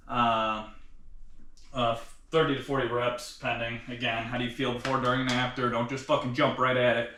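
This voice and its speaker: A man's voice: mid-range voice, sharp tone. A man talking casually to himself during a home workout, rambling and swearing as he sets up. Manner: rambling, profane, mutters to himself. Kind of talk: casual self-talk while exercising. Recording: echoey room with faint noise.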